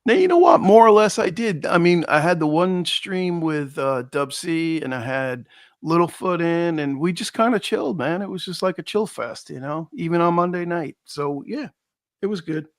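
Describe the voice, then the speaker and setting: A man co-hosts a relaxed livestream, his voice pitched a little higher than most men's. He chats loosely and animatedly, stumbling over fillers as he talks into a desk mic at home. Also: normal speed. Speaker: co-host. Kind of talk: casual livestream chat.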